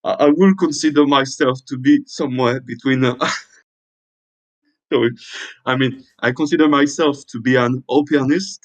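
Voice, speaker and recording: A man joining a stream as a guest, talking hesitantly with many pauses and restarts. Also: medium pitch, poor audio.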